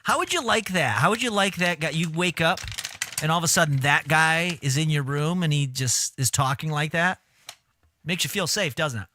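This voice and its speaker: A man's voice: fairly high pitch, moderate pace, pushed and bright, slight background noise. A man hosting a live stream, giving casual, crude, joking commentary with laughing asides.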